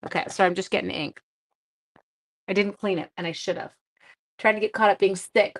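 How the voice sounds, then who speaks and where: Woman host, live craft demo, chatty, self-deprecating, medium pitch. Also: a little fast, long pauses. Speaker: papercraft demonstrator hosting a livestream.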